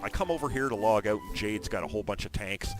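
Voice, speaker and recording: A man giving chatty, excitable commentary on his own video game session, breaking into loud exclamations now and then. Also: lowish voice, fast. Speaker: gaming video host. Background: background music.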